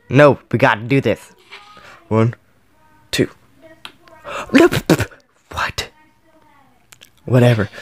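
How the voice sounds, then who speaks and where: A man playing a mobile game on camera, counting each flip aloud and yelping or groaning at every near miss. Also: on the low side. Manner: counts flips aloud, yelps and groans at misses. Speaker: gaming channel host.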